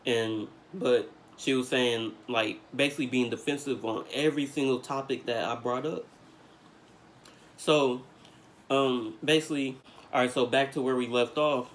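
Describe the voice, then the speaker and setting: A young man vlogging, telling a story in casual slang with lots of fillers, getting animated as he retells it. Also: medium pitch, moderate pace, slight background noise. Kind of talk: storytime vlog.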